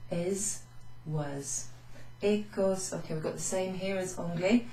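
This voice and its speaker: Woman as patient language teacher, lowish mellow voice, echoey room. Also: unhurried, few pauses, slight background noise. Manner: patient, explains step by step with French examples. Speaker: French teacher. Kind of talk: recorded lesson recap.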